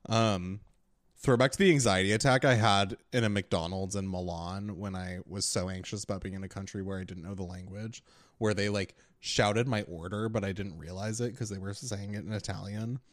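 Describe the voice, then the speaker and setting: A young man co-hosting a podcast, telling a story in casual chat, animated and full of filler words, acting out the quotes. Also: on the low side, normal speed. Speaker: podcast co-host.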